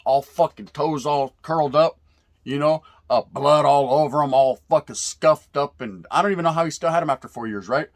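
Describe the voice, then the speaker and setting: Speaking at a moderate pace in a slightly high voice, a man in his forties from California tells casual stories about his youth prison days. His talk is laid-back street slang laced with Spanish words, frequent profanity, and "right?" tags.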